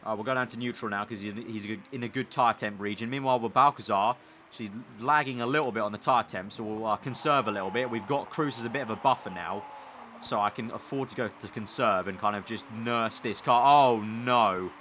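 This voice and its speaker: A young man from the United Kingdom commentating on his racing management gameplay, talking excitedly and pleading with the screen. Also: lowish voice, fairly quick, slight background noise. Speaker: gaming YouTuber. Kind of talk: let's play commentary.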